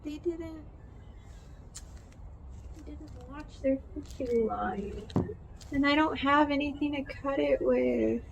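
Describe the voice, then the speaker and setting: A woman vlogging outdoors from a kayak, upset and close to tears, talking in halting, broken-off sentences. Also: high-pitched, vocal fry, lo-fi sound, noisy background. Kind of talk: casual vlog narration.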